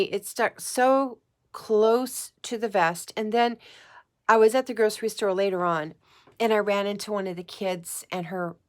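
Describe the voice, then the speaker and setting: Earnest woman talking to camera. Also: mid-range voice. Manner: emotional, earnest, repeats phrases for emphasis. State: tearful at times. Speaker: psychic vlogger. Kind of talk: heartfelt personal talk to camera. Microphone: camera mic, talking to camera.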